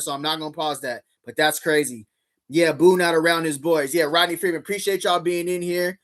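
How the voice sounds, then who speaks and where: A man's voice: high-pitched, a bit bright. A man hosting a casual livestream, talking in slang and hyping up his chat. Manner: slangy, hyped, talks straight to chat. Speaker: livestream host. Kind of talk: casual livestream reaction commentary.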